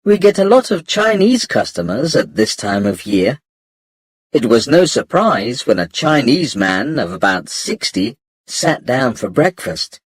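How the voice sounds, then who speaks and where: Male narrator for learner audiobook, slow, lively pitch, breathy, dry booth sound. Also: dry recording. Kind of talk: scripted narration of a graded reader.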